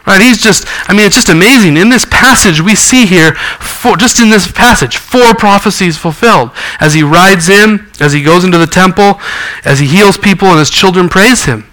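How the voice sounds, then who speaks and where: Male pastor, bright tense voice, somewhat high, earnest sermon delivery. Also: moderate pace, low-quality recording. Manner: earnest preaching with scripture reading and acted quotes.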